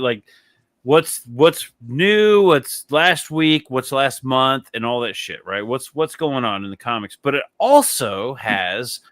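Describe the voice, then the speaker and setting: A man's voice: mid-range voice, bright, forceful tone, dry recording, clean studio sound. A man hosting a casual podcast chat, telling rambling stories full of swearing and laughter. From Texas. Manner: rambling, profane storytelling with frequent laughs. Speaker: podcast host.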